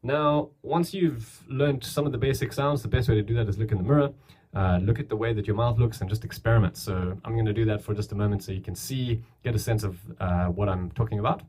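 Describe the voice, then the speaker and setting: Speaking fast with few pauses, a young beatbox teacher has a fairly low, darkish voice with a breathy edge. He's filming himself with the camera mic for a chatty, loose walkthrough of the basics, restarting sentences often.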